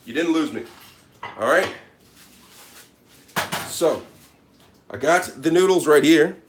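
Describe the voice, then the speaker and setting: A comedic cooking vlogger hosts a deadpan parody cooking show in his home kitchen, boasting and addressing viewers directly with repeated catchphrases. His voice is fairly high and expressive, his pace slow, and there's noise in the background.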